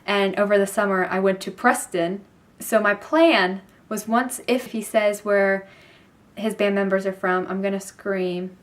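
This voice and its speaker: A young woman vlogging, telling a story in a gushing, excited way with lots of fillers. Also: medium pitch, measured pace. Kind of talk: casual storytelling to camera.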